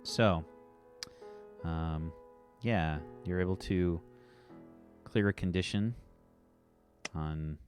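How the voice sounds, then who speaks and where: Deep slow guy gm setting the scene, faint music in the back. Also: a little mellow. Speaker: game master. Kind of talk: narrating a tabletop game.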